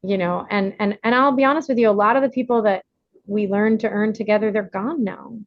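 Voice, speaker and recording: A woman leads a recovery workshop. She talks loosely and warmly encourages people, filling her speech with "you know" and "um". Her voice comes through muffled and dry, with no room sound. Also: mid-range voice, fairly even intonation, brisk, dry recording. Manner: chatty, laughing, many fillers. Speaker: workshop leader. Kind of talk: casual advice on a video call. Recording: dull, dry lo-fi audio.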